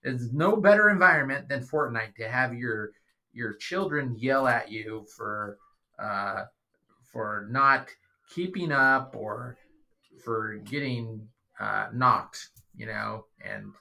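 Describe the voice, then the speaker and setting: A middle-aged man talking casually, often pausing and restarting his sentences. His tone is bright and forward, and he slips in dry, sarcastic asides. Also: mid-range voice, vocal fry. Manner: rambling, hesitant, dry sarcasm. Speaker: podcast guest, father. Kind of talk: casual chat.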